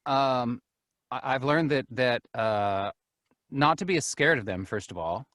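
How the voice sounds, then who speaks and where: Brief: man, casual guest on a call, relaxed, quick to laugh, dry sound. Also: medium pitch, no echo. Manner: easygoing, laughs often, frequent "you know". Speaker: guest, narrator and group admin. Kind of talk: casual interview chat.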